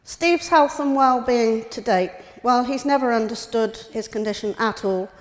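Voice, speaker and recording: A woman's voice: fairly high pitch, normal speed. A middle-aged woman giving a prepared personal talk as a carer, in a plain, matter-of-fact way. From United Kingdom. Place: hospital lecture room. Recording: reverberant hall.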